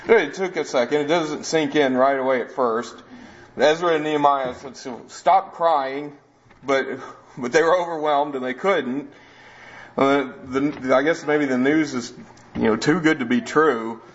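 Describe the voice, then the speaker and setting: A man explains scripture verse by verse in an easygoing, conversational manner, with frequent restarts and asides. His voice is mid-pitched. The recording sounds a bit dull and muffled. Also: normal speed. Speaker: preacher. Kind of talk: verse-by-verse Bible teaching.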